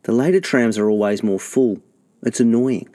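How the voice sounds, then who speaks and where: A man's voice: mid-range voice, normal speed, mellow, close to an everyday voice. A man reading his novel aloud who voices an anxious teenage boy, hesitant and mumbling. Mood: awkward. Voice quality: awkward, hesitant.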